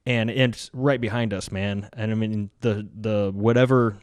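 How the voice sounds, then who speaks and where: A man's voice: on the low side, steady tone, a little slow, a little mellow, smooth, no room sound. An American man and military veteran, telling war stories in a casual, rambling way full of fillers. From United States. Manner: rambling, lots of fillers like "like", laughs through stories. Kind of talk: casual podcast storytelling.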